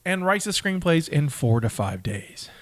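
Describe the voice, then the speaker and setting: A man's voice: on the high side, sing-song, a little slow, no echo. A man co-hosting a podcast, reading out trivia with eager stumbles and laughs in casual chat. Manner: enthusiastic, reads facts aloud with stumbles and laughs. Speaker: podcast co-host.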